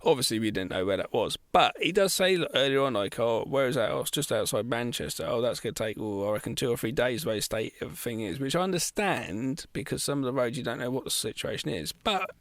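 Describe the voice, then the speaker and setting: A man's voice: medium pitch, lively intonation, fast, few pauses, a bit bright, no echo, studio quality. A man co-hosting a podcast, casually discussing a film with blunt, swearing opinions. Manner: chatty, swears, critical opinions. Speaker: podcast co-host.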